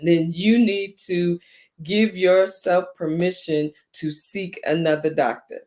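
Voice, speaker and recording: A woman's voice: lowish voice, steady tone, slow pace, a little mellow. A woman hosting an interview on a video call, speaking earnestly and directly to her listeners with encouragement. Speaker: host.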